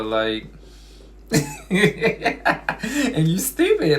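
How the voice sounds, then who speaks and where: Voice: mid-range voice, big pitch swings, drawn-out words, long pauses. A non-binary vlogger with a Baltimore accent, chatting playfully and straight to viewers in a casual vlog. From Baltimore, USA.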